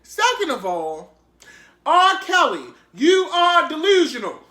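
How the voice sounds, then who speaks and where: A man giving casual, profane, sassy commentary on the news, swinging up into shrieking highs when worked up. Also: wildly swooping pitch, slow pace, pushed and bright, echoey room. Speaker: commentary vlogger.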